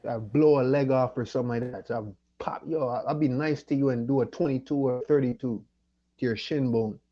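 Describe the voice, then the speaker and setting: A man's voice: mid-range voice, fairly quick, muffled recording. A man from Jamaica hosting his channel, ranting with profanity and repeating himself, tipsy from liquor and weed. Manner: profane, annoyed, repetitive ranting. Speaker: channel host. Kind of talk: livestream rant.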